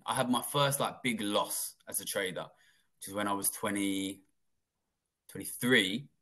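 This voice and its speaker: A man in his thirties from England, a guest telling his life story in a blunt, profane, animated way. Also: mid-range voice. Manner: blunt and profane, acting out quoted dialogue. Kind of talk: casual interview storytelling.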